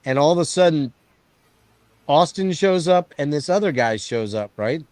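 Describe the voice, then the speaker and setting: Excited, profane man hosting a stream. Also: fairly high pitch, normal speed, dry recording. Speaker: stream host. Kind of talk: casual chat storytelling.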